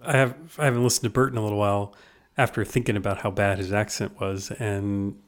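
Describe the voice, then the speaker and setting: A man's voice: on the low side, quick pace. Easygoing male podcast co-host. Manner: relaxed, conversational, some hesitations. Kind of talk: casual chat.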